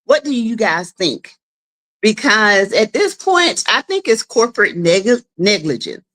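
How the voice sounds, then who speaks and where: Chatting with viewers on a casual home livestream, this South Carolina woman has a medium-pitched, fairly bright voice that is very animated and a little slow. She greets people by name and laughs frequently.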